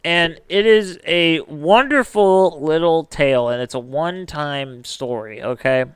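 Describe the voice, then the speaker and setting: Smooth-voiced man telling a story. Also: fairly high pitch, unhurried, dry recording. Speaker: podcast host. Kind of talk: casual podcast chat.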